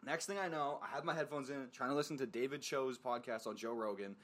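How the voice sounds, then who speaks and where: A young man spinning a long, animated story in a relaxed podcast chat. He swears freely and fills his talk with "like" and restarts. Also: mid-range voice, fast. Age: young adult. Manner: animated, profane storytelling with lots of fillers. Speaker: podcast co-host.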